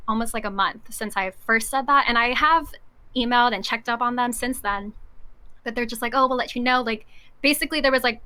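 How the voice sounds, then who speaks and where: Bright high-voiced young woman storyteller. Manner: animated, acts out quoted voices, laughs often. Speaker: podcast guest. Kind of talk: casual storytelling chat.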